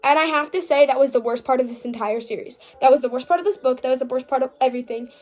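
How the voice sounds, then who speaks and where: A young woman with a high voice talks through a book recap for her vlog. She is chatty and gushing, with lots of "like" fillers and playful, dramatic mock outrage. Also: quick pace, darkish tone. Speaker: book vlogger.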